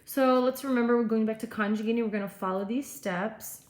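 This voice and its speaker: A woman's voice: a little high, steady tone, brisk. A woman teacher giving a classroom lecture, explaining step by step and checking in with frequent okays. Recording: echoey room, faint noise.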